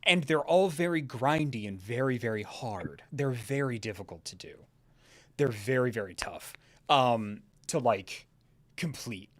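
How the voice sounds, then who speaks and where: A man co-hosting a stream, telling an animated, profane story in casual chat. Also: mid-range voice, a little slow. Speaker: stream co-host.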